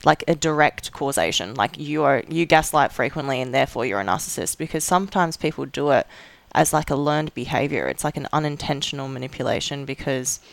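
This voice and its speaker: This is a co-host in a relaxed podcast chat, rambling a little with plenty of likes and self-corrections. The voice comes across smooth and resonant, and the recording is close and dry. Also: medium pitch, fairly quick, few pauses, dry recording. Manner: chatty, lots of likes and restarts. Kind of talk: casual chat.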